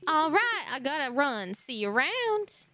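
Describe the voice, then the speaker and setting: Bright, bubbly woman streamer. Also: high voice, measured pace, dry recording. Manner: giggly, animated, chatting to viewers. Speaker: game streamer. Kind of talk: casual live-stream chat. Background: faint game music.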